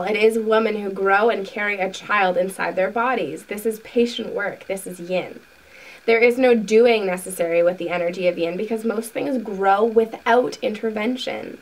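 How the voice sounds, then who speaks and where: A woman hosting a spiritual video, reading a book passage aloud slowly and earnestly, then talking casually to her viewers. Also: mid-range voice, far from the mic, rough recording. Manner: slow, soft, earnest reading with asides.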